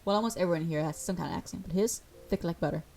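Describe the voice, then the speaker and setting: Reading game dialogue aloud, she performs all the parts of a visual novel and stops for offhand asides. Her voice is fairly low, a little mellow and edged with vocal fry, and she talks rapid-fire.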